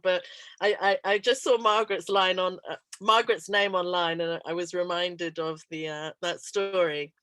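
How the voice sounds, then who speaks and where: A woman's voice: medium pitch, fairly bright tone, dry recording. A woman with an English accent hosting an online event over a video call, chatty, laughing often and full of fillers. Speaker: host. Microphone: computer mic on video call.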